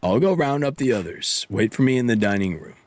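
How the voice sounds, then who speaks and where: A man voicing a calm, firm adult guardian in a game. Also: medium pitch, a little fast, natural voice. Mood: steady.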